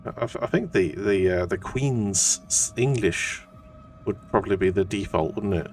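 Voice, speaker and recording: A man's voice: on the low side, measured pace, a little mellow. A man from Wales chatting on a painting stream, hesitant and full of fillers. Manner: hesitant, many uh fillers and restarts. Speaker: guest co-host. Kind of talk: casual chat on a live stream. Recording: distant mic with faint music.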